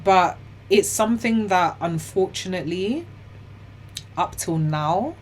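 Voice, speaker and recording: A young woman, telling her own story as an interview guest in a chatty, animated way, full of "like" and "you know". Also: lowish voice, takes it slowly, slight background noise. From Ghana and the UK. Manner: laughs often while telling hard stories.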